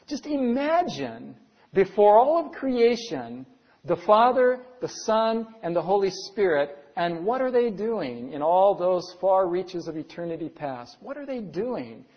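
A man's voice: high-pitched, very animated, a little slow. A middle-aged man preaching a sermon as pastor, earnest, asking his listeners rhetorical questions. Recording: dull lo-fi sound with long hall reverb.

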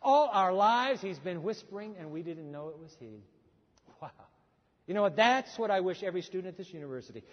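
A man preaching a sermon as pastor, telling a story with animated voices for the people in it. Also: high voice, fairly quick. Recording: dull sound with long hall reverb.

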